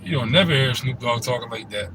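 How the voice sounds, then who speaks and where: A man's voice: mid-range voice, fast. Man, casual commentary host, laid-back, rambling, mid-range voice, audible background noise. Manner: laid-back, rambling, frequent "you know what I'm saying".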